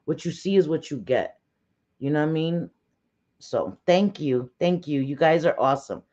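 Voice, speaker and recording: A woman's voice: low voice, expressive, normal speed, warm tone. Chatty blunt woman, New York accent. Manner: blunt and chatty, curses freely. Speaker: livestream host. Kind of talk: casual livestream chat. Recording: slightly dull lo-fi sound.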